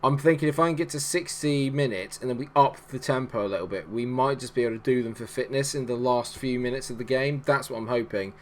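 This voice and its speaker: A man, a gaming YouTuber, commentating live on his own match in a jokey, excitable way and breaking into shouts when his side scores. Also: mid-range voice, fast, few pauses, a little hiss or hum.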